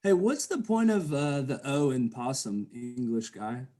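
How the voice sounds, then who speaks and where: A man co-hosting a casual podcast chat, telling stories in an animated way and laughing often. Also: mid-range voice, unhurried. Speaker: podcast co-host.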